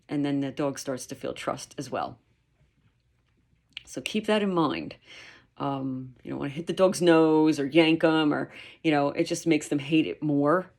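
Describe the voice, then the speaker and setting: A woman dog trainer explaining her methods in a lively, emphatic way, sometimes acting out quotes. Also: sits low, normal speed. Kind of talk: instructional talk.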